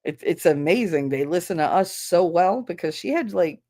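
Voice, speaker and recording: A woman, a schoolteacher, chatting casually on a stream and telling an animated family story with blunt language and bursts of laughter. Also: on the low side, moderate pace. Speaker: livestreamer and schoolteacher.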